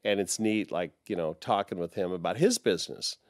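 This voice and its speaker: A man's voice: low-pitched, brisk, no echo, studio quality. A man in his sixties, a guest musician, telling stories in a casual interview, rambling and anecdotal with many fillers.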